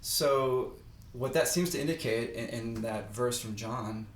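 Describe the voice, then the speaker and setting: A man's voice: mid-range voice, a little slow, roomy sound. A man teaching ancient Greek on a podcast, explaining patiently with frequent hesitations and restarts. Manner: thoughtful, hesitant, restarts mid-sentence.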